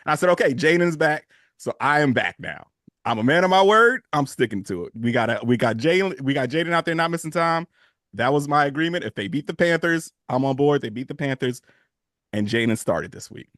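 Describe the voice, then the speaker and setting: A man co-hosting a podcast, telling a fan story in casual sports chat, animated and swearing freely. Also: a little high, fairly quick, dry recording, clean studio sound. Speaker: podcast co-host.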